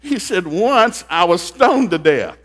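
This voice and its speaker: A man preaching a sermon in a folksy, joking way, dropping into low asides and then rising into loud outbursts. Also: sing-song, takes it slowly. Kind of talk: comedic sermon. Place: church service.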